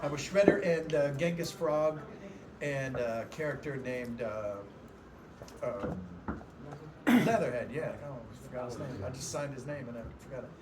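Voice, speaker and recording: A man's voice: medium pitch, expressive, moderate pace. An older man, a guest voice actor, chatting loosely with restarts at a convention panel. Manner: chatty, rambling with restarts and laughs. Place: convention hall. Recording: crowd noise at a live convention.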